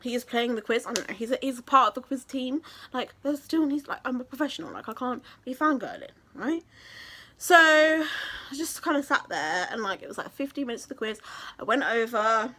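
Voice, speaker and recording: A woman's voice: fairly high pitch, big pitch swings, fairly quick, sharp tone. A young woman from England, telling a story in a casual vlog, chatty and gushing with many fillers. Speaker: vlogger.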